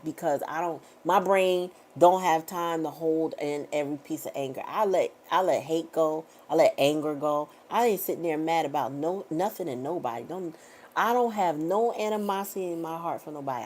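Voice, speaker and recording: Middle-aged woman tarot reader with a low voice, blunt and profane, talks in a casual motivational way. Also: a little mellow, a little hiss or hum. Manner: emphatic, repetitive affirmations.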